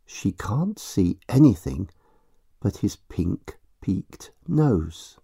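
A man narrating a story in a slow, expressive reading style. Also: low voice, vocal fry, breathy edge, no echo, clean studio sound.

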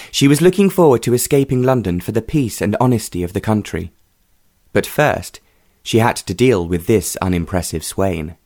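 A man narrating a romance audiobook in a measured, even storytelling manner. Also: lowish voice, no room sound, clean studio sound.

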